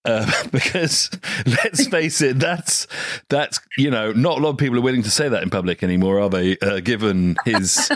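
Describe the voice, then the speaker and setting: A man's voice: mid-range voice, moderate pace, dry recording, clean studio sound. A man hosting a podcast, chatting casually, often hesitant and laughing. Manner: hesitant, frequent fillers and restarts, laughs often. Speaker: podcast host.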